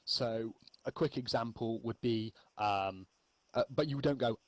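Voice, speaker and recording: A man explaining radio procedure in a relaxed, rambling spoken lesson, with frequent ums. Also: medium pitch, normal speed, dry recording, low-quality recording. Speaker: milsim infantry instructor.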